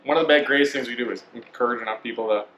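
Bright-voiced man thanking supporters, echoey. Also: medium pitch. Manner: upbeat, quick asides, laughs. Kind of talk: casual chat. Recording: echoey room with faint noise.

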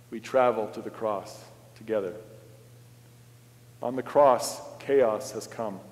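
A man preaching a sermon as pastor in a church, slow and dramatic, swinging from loud to hushed. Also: mid-range voice, in a large hall. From Canada. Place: church sanctuary.

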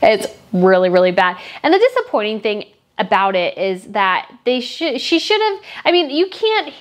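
A woman's voice: high-pitched, big pitch swings, moderate pace. A woman talking casually as a royal fashion commentator, chatty and opinionated, gushing over some looks and blunt about others. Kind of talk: casual chat.

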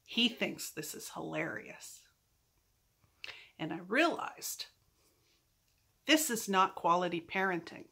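A middle-aged woman telling a storytime vlog in an animated, self-mocking way. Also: lowish voice, slow, vocal fry, long pauses, slightly rough. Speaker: vlogger.

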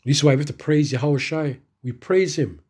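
A man preaching a sermon, reading scripture verses slowly and then preaching with emphatic rises in his voice. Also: on the high side, a little mellow, breathy edge.

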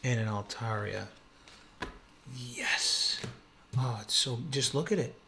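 Speaking slowly with a creaky, medium-pitched voice, a man opens trading card packs at home for his channel. He's thrilled and exclamatory, naming every card and cheering a rare pull, though the background is noisy even in the quiet room.

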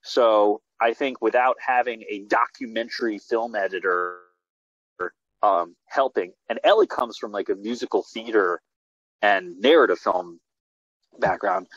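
A male filmmaker talking casually in an interview over a video call, rambling excitedly with many restarts and fillers. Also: on the low side, unhurried, breathy edge, no echo. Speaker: filmmaker guest. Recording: dull lo-fi video call audio.

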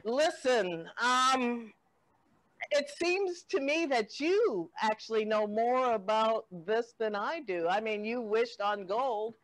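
A woman from Los Angeles hosting and improvising a comedy scene, wry and quick with comebacks, often laughing. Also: on the high side, expressive, poor audio.

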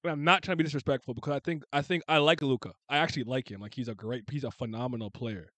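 A man hosting a casual sports chat, blunt and animated, swearing freely and restarting his sentences. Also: medium pitch, rapid-fire, no room sound.

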